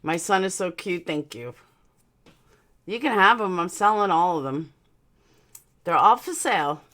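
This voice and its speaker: A woman's voice: fairly low pitch, animated, normal speed, a bit bright. Chatty woman streamer with a slight lisp. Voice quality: slight lisp from dental aligners. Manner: chatty, blunt, swears casually, answers chat aloud. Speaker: livestream host reading chat. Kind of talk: casual live-stream chat.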